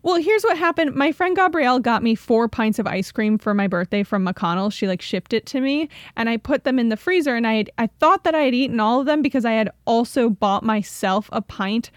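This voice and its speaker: Upbeat higher-voiced woman co-host. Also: animated, fairly quick, few pauses, no room sound, studio quality. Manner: chatty, laughs often, upbeat. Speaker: podcast co-host. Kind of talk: casual chat.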